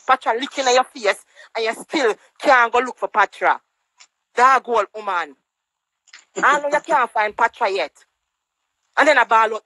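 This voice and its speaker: A woman's voice: normal speed, long pauses, pushed and bright, no room sound, low-quality recording. A woman with a Jamaican accent ranting angrily on a social media live stream over a phone, scolding and mocking in patois. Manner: angry, scolding, mocking quotes in higher voice. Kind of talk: heated live-stream rant.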